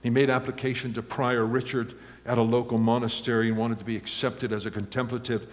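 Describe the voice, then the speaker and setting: A man's voice: medium pitch, level tone, a little fast. A male pastor preaching a sermon, telling stories animatedly with acted quotes and chuckles. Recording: long reverb of a large hall.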